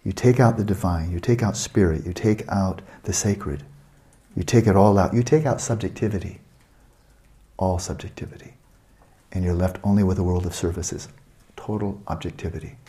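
Brief: male meditation teacher, lecture delivery, low mellow voice, rhetorical and emphatic. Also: normal speed. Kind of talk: spoken dharma lecture.

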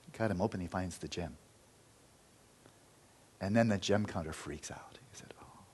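A man giving a Buddhist dharma talk, telling a story in an earnest, loose way that often falls quiet. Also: low-pitched, normal speed, slight background noise. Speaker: Buddhist teacher.

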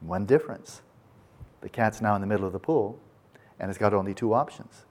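A male meditation teacher giving a dharma talk at a retreat, telling a parable in a folksy, animated way with casual asides. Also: fairly low pitch, a little fast.

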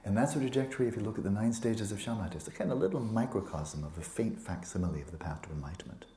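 A man teaching meditation to a retreat group, relaxed and playful, often sinking into a soft whisper and teasing students by name. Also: lowish voice, very fast, a little hiss or hum. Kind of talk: dharma talk to a retreat group. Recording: echoey room with faint ambience.

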